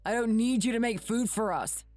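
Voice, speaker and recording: A woman voicing a rude, bitter adult son in an animated story, speaking curtly and with contempt. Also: fairly high pitch, moderate pace, soft background music, lightly acted. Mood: scornful. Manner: curt, contemptuous.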